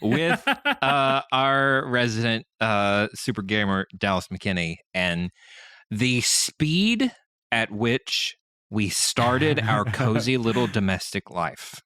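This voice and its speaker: An animated man hosts a podcast, telling stories with a lively, bouncing pitch and a bright voice. He laughs often, and the sound is dry and close. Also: slow pace, smooth, dry recording. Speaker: podcast host. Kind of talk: casual chat.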